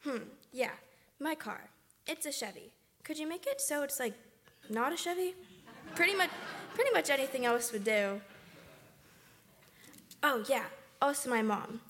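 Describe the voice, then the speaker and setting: A woman's voice: sits high, lively intonation, measured pace, pauses often, a bit bright. An actress playing a slacker teenage girl who casually asks God for favors in a flippant, filler-heavy way, in a comedy sketch.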